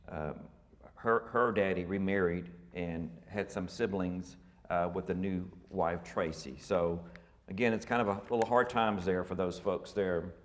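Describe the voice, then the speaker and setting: A man, giving a folksy, rambling family history lecture full of fillers and self-corrections. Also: low-pitched. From Texas. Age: 50s. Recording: reverberant hall.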